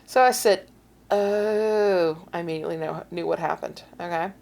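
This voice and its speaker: A middle-aged woman co-hosting a podcast, casually telling a story and acting out quoted voices with big swings in pitch. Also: moderate pace, vocal fry. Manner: animated, acts out quotes with big pitch jumps. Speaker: podcast co-host.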